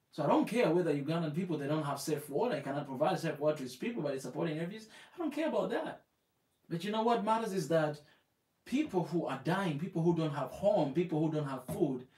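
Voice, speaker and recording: An impassioned man with an East African accent, his voice a little high for a man. He preaches, repeats himself and asks one rhetorical question after another. He sounds set back from the mic in an echoey room. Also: darkish tone, recorded from a distance. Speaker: live show host. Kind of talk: impassioned live-stream talk.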